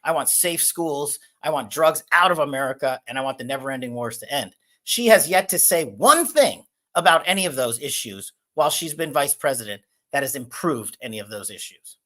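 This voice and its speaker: Forceful bright-voiced male guest. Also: mid-range voice, expressive, brisk. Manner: forceful, promotional, list-like talking points. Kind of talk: political interview.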